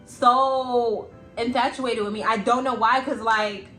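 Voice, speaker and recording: A young adult woman telling a storytime vlog in a blunt, animated and profane way. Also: fairly high pitch, slow, soft background music. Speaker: vlogger. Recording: roomy echo.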